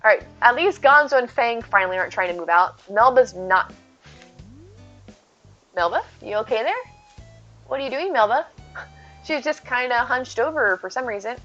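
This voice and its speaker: While playing a game on stream, a woman chats casually, muses aloud, and responds to chat. Her fairly high voice is expressive and sharp, at a normal speed with frequent pauses. Faint game music and a slightly muffled quality mark the recording.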